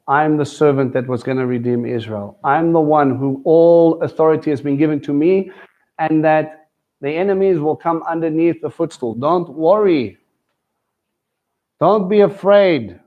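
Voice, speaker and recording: Man, live sermon, conversational preaching, questions to the crowd, slightly high voice. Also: highs cut off. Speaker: teacher at a Messianic congregation.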